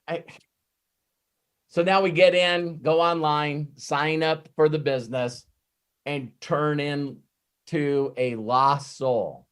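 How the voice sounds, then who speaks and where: A man giving an off-the-cuff motivational talk as a network marketing trainer, rambling and animated, swearing freely and often breaking off and restarting his sentences. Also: fairly high pitch, slow pace. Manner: frequent restarts and self-interruptions.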